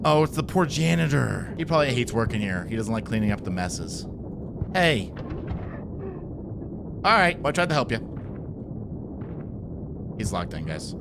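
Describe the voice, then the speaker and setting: A man's voice: medium pitch, very animated, moderate pace, gravelly, pauses often, noisy background. A man giving nervous, joking commentary while playing a horror game, jumpy and easily startled. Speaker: gaming streamer.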